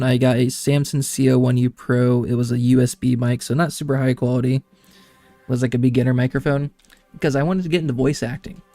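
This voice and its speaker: A man's voice: mid-range voice, darkish tone. Guy rambling to his stream chat while gaming, laughs a lot, faint music behind. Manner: rambling and chatty, laughs often. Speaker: game streamer. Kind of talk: casual chat to stream viewers.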